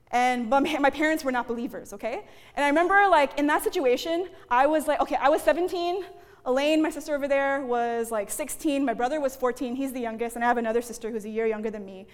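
Female preacher, conversational sermon, high pitch, reverberant hall. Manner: chatty, frequent "okay?" and "guys". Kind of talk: sermon with personal story.

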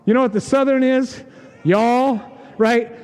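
With a very high voice that is steady, unhurried, darkish, and smooth, a male pastor from the U.S. preaches in a church sanctuary. His sermon is conversational and full of jokes and acted-out quoted voices, all ringing with the long reverb of a church hall.

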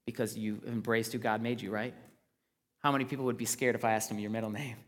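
A man preaching a sermon, earnest, swinging between loud emphasis and quiet asides. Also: lowish voice, little pitch movement, quick pace, long reverb tail. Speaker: pastor.

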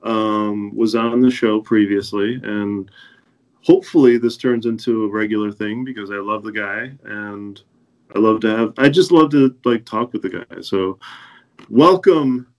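A man's voice: fairly low pitch, unhurried. A man hosting a podcast in a casual chat, laid-back and hesitant, often laughing. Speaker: podcast host.

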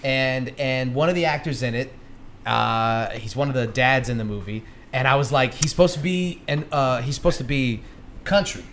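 Male podcast co-host, casual and animated, mid-pitched, faint hiss behind. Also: moderate pace. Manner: animated, swearing, pitch jumps when excited. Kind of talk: casual chat.

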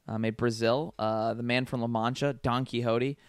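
A man's voice: mid-range voice, level tone, moderate pace, smooth, dry recording. Casual male podcast co-host, rambling and crude, dry close sound. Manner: profane, joking, rambling with fillers. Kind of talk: casual chat.

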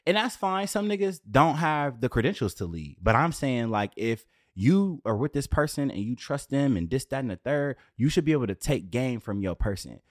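A man in his late twenties talking casually as a podcast host, animated and profane with streetwise slang, in a dry room on camera. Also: medium pitch, moderate pace, few pauses, no echo. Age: 20s. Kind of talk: casual solo rant.

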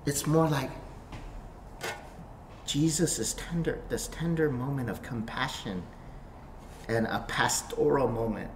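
A male pastor delivers a sermon in an echoing room with faint noise behind him. His voice sits at a middling pitch. He shifts from loud, animated stretches to hushed, almost whispered ones. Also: slow, long pauses. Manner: animated, swings from loud emphasis to soft near-whispers. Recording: roomy echo.

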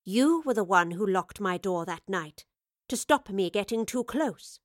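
A woman voicing a calm, wry older female professor in an audiobook reading, measured and dry. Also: mid-range voice, no echo, natural voice.

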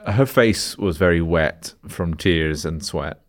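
A young man tells a story with a very low, deep voice. His delivery is dry and self-mocking, and he keeps a casual podcast chat rolling along. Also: slow pace.

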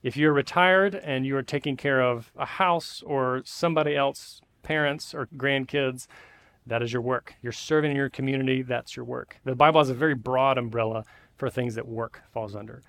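A man's voice: mid-range voice, steady tone, normal speed, fairly bright tone. A male pastor, preaching a conversational sermon with frequent fillers in a church. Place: church sanctuary.

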